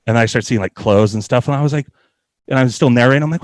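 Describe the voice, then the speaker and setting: A man's voice: medium pitch, fast talker, no echo. A man in his thirties telling a funny story in a loose, casual way, swearing and laughing often.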